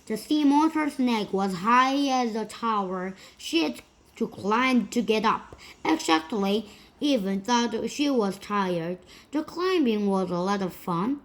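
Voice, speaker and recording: A woman reads a children's storybook aloud in a slow, careful way. Her voice sits somewhat high. She keeps a relaxed, deliberate pace through the narration. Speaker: storybook reader.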